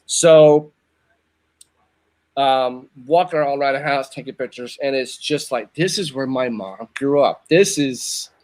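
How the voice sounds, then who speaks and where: A man's voice: mid-range voice, unhurried, a little mellow. A man in his fifties from Northern Virginia, telling a long personal story in casual chat, rambling and restarting his sentences. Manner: rambling, repeats himself, restarts. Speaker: show host.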